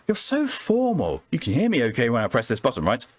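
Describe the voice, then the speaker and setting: A man voicing a sickly, flirtatious female entity who drawls and teases, in a high falsetto. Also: animated, rapid-fire, no echo, studio quality. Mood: teasing. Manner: teasing, calls listener sugar and honey.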